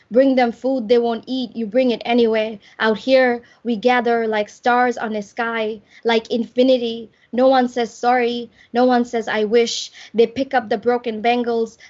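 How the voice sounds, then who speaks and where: A woman poet giving a slow, measured poetry reading over a video call. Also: fairly high pitch, a little mellow. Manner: slow, measured delivery with drawn-out lines. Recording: muffled video call audio.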